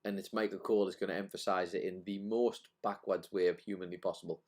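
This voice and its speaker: Low-voiced man, dry banter. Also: steady tone, fast, a little mellow, a little hiss or hum. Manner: dry, self-deprecating banter. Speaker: live stream co-host. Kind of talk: casual live stream chat.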